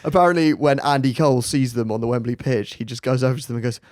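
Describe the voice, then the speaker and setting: A man hosting a podcast, telling a story in a relaxed, chatty way with laughing asides. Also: medium pitch, fast talker, no room sound, clean studio sound. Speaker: podcast host. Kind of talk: casual storytelling chat.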